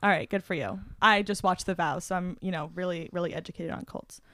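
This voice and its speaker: A young woman hosting a casual chat, talking fast and playful with lots of "like" fillers. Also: fairly low pitch, sharp tone, dry recording, clean studio sound. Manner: chatty, filler-heavy, playful. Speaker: podcast host.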